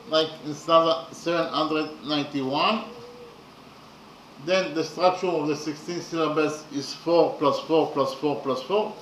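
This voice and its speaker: Slow, halting man in an echoey room. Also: a little high, recorded from a distance, a little hiss or hum. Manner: halting, repeats words with many fillers. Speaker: lecturer. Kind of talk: explaining poetry meter.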